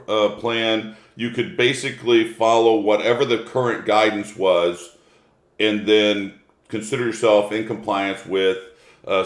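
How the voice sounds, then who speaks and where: A middle-aged man giving a casual webinar lecture as presenter, folksy and joking. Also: fairly low pitch. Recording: echoey room.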